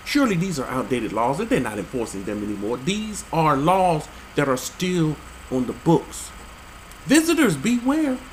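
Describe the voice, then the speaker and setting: A man reading out odd laws and commenting on them, with an animated, incredulous and joking manner. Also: sits high, a little hiss or hum, poor audio. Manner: animated, incredulous, jokey asides. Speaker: religious commentator.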